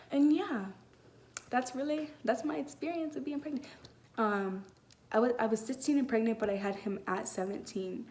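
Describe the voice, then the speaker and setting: A woman's voice: a little high, moderate pace, darkish tone. A teenage girl telling a personal story in a casual vlog, rambling with many fillers and restarts. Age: late teens. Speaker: vlogger.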